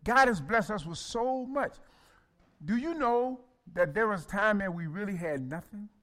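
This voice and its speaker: A male pastor delivering a sermon with a high voice and a bright, forceful tone. He preaches in a folksy, colloquial way and leans on call-and-response, asking the congregation to repeat his words and speaking to listeners by name. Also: expressive, normal speed.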